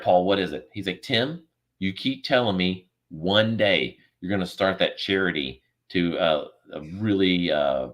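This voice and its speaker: A man's voice: deep voice, a bit bright. A man guest on a podcast over a video call, telling an earnest, emotional story and acting out the dialogue. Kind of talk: storytelling in a remote interview.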